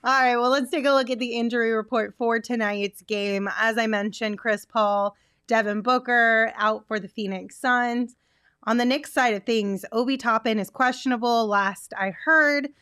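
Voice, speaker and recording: A woman co-hosting a casual sports podcast, upbeat and brisk, running through the team news smoothly. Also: fairly high pitch, steady tone, bright, forceful tone, no room sound, studio quality.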